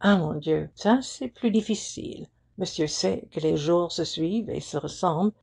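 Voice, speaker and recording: Speaking at a moderate pace in a fairly low register, a woman voices a chatty, eager young shop girl. Her tone is gravelly and husky, her mood helpful and lively, and she slips French phrases in as she goes.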